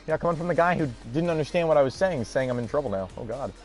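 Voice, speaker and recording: A man's voice: medium pitch, animated, rapid-fire, few pauses, soft background music. A man hosting a gaming video, telling a story in a rambling, exasperated way and swearing casually. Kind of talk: casual storytelling over gameplay.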